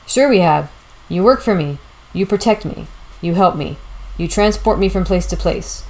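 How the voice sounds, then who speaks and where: A woman reading the lines of a sly, smooth-talking old male con man in an audiobook, confident and persuasive. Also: fairly low pitch, expressive, normal speed, darkish tone, low-quality recording.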